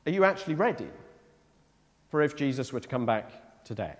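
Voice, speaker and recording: A male preacher delivering a sermon in a church, with a lively, rising-and-falling delivery. He talks casually and keeps checking in with his listeners. A long hall reverb trails his words. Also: medium pitch, a little fast. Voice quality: conversational, asks the congregation questions.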